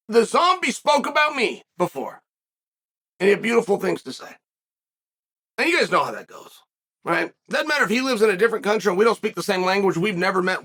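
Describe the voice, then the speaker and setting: A man hosts a fight-sports show in a loose, storytelling way. His voice sits high and swings widely in pitch. He repeats phrases for emphasis and breaks off mid-story to give his son directions off camera. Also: pushed and bright. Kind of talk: casual commentary and storytelling.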